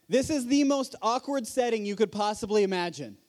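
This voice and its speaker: At a conference in a hall, a man preaches a sermon earnestly and conversationally, posing rhetorical questions. His voice sits high and is a little mellow, animated and fairly quick.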